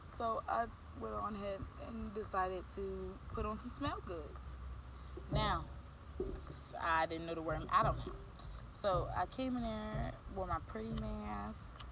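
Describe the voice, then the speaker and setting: A woman's voice: medium pitch, a little slow, background noise. Rambling woman telling a story. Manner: rambling, full of fillers and restarts. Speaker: vlogger. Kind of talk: casual storytime.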